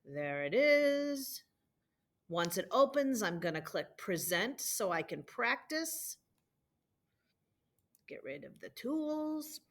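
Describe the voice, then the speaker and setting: In a recorded homework walkthrough, a female Spanish teacher speaks slowly in a mid-range voice, very animated and pausing often. She records a screen-share lesson, patiently drilling conjugations aloud.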